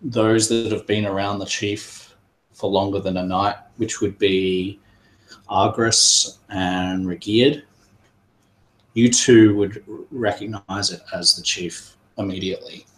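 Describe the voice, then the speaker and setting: Man, game master, slow unhurried delivery, lowish voice, hesitant. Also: steady tone, rough recording. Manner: hesitant, many pauses and fillers. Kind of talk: narrating a tabletop game.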